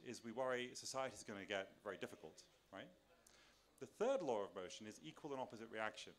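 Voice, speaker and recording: A man's voice: mid-range voice, expressive, brisk. Man giving a conversational live lecture. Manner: conversational, thinking aloud with restarts and rhetorical questions; moves around while speaking. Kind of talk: public lecture to a live audience. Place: large tent at a summer camp. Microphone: filmed by a camera.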